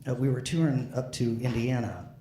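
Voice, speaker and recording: A slightly drunk man performs a stand-up comedy set in a rambling, halting way, full of fillers and restarts. His voice is mid-range, and the echoey room has a noisy background with faint ambience.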